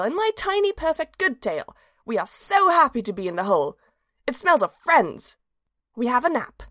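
A woman's voice: a little high, a bit bright, dry recording, studio quality. A woman narrating a storybook in the voice of a cheerful, simple-minded little dog, earnest and childlike.

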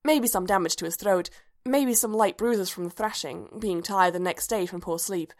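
Woman calmly narrating a story. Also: mid-range voice, moderate pace. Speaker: story reader. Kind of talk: scripted narration.

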